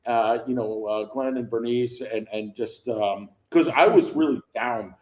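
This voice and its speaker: A man's voice: mid-range voice, unhurried, a little mellow. A man in his fifties, a guest on a live sports chat, rambling with wry humor. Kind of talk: casual chat. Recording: echoey remote call audio.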